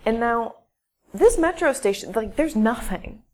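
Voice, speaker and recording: A woman telling a personal story in a shy, halting way, with restarts and dramatic pauses. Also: on the high side, lively intonation, a little mellow. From English-speaking foreigner living in Russia. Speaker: English teacher telling a story. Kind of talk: casual spoken storytelling.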